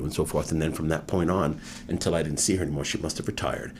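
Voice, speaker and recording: A man in his fifties tells stories from his life in an oral history interview. His voice sits low but swings widely in pitch as he acts out the people he quotes. Faint room noise lies underneath. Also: expressive, fast talker. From New York. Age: 50s.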